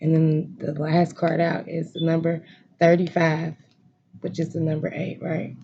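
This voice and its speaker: Tarot reader, emphatic and repetitive, swears a lot, dark mellow tone, slightly muffled lo-fi home recording. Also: medium pitch, monotone, a little slow, gravelly, slight background noise. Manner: emphatic, repetitive, profane, emotionally intense. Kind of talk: tarot card reading, direct address to viewers. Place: room at home.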